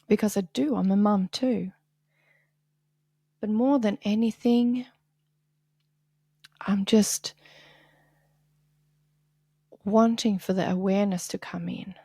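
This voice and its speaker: A woman's voice: medium pitch, measured pace, creaky, pauses often, mellow, no room sound. A woman hosting a podcast, talking earnestly and confessionally on her own, sometimes dropping to a whisper. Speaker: podcast host. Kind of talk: candid solo podcast monologue.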